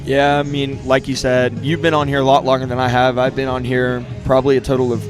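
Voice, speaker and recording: A teenage man doing casual student football commentary in an even, earnest manner. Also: medium pitch, brisk. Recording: music playing behind.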